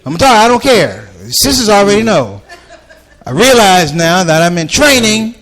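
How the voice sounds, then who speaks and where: A man performs a stand-up routine in a ballroom for a live crowd, animatedly spinning stories and voicing each character. He speaks in a high, sing-song, slightly bright voice at a moderate pace.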